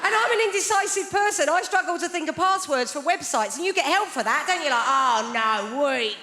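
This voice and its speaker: A woman performing stand-up in a high voice that rises and falls in a lively way. she talks wryly and conversationally, hooking the audience with little tag questions. a long hall reverb trails her words, with loud crowd noise underneath. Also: fast. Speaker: stand-up comedian. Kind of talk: stand-up comedy monologue. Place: large theatre stage before a live audience.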